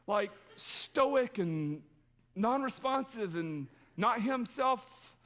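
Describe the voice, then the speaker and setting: A man's voice: very high voice, animated, very slow, a bit bright. A male pastor giving a conversational sermon, telling a personal story in an earnest way.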